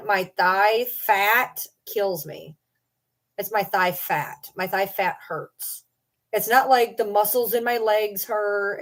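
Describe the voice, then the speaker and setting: A young adult woman chatting casually on a livestream from home, rambling and joking about herself. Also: mid-range voice. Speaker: streamer.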